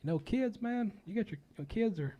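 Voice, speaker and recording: A man's voice: sits high, lively intonation, a little fast, warm tone, dull audio. A man hosting a casual talk show, folksy and rambling, a bit under the weather.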